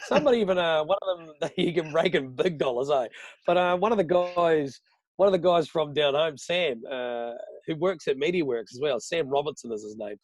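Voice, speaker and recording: NZ radio host as podcast guest; higher male voice, rambling, sweary, dry close sound. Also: fairly quick, no echo. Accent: New Zealand. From New Zealand, Southland. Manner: swears freely, rambling and animated. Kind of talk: casual chat.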